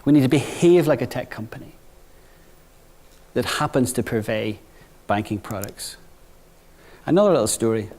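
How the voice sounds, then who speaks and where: A middle-aged man giving a business talk to new graduates, conversational, often checking in with "right?" and dropping quiet for anecdotes. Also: mid-range voice, animated, normal speed, pauses often. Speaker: bank executive speaking to graduates.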